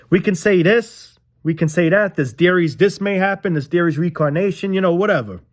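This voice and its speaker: A man's voice: high-pitched, animated, moderate pace. A young man ranting casually to his viewers, frustrated and rambling, swearing often and repeating himself. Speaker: vlogger. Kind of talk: casual rant to camera.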